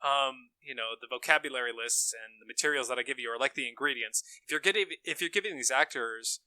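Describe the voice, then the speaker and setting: Man, podcast co-host, very bright cutting tone, dry close sound, emphatic and opinionated. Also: mid-range voice, quick pace, dry recording, low-quality recording. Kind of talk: casual film discussion.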